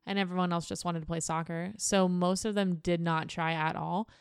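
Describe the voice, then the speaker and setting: A woman's voice: on the low side, steady tone, normal speed, clean tone, no room sound, clean studio sound. A woman co-hosting a podcast, telling stories in an emphatic, exasperated way. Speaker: podcast co-host. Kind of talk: casual chat.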